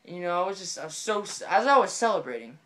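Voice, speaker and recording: A man telling a comedic story in an excitable, rambling way, often repeating his phrases. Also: high-pitched, fast talker.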